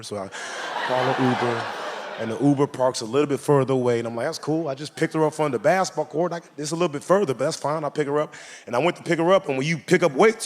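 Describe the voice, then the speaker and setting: A young man doing a stand-up comedy routine, telling a story with animated delivery and acted-out voices on a club stage. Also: fairly high pitch, fast talker. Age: 20s.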